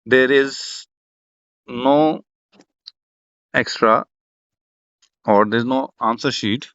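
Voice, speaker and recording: A man's voice: medium pitch, fairly even intonation, drawn-out words, long pauses, fairly bright tone, no echo. Man teaching an online exam class. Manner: repetitive, restarts a lot, lots of fillers. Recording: dull, dry lo-fi sound.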